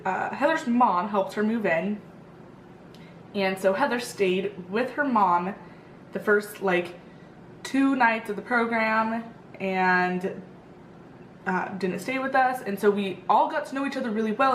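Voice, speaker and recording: A young woman rants casually to her camera, rambling along with plenty of fillers and asides. Her voice sits at an ordinary pitch and bounces around an echoey room. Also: slight background noise. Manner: chatty, rambling, lots of fillers. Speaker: vlogger. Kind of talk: casual storytelling rant.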